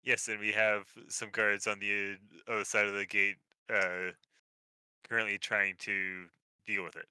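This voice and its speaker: A man narrating as game master of a tabletop game, relaxed and hesitant with many fillers. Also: lowish voice, unhurried, smooth, no room sound, rough recording.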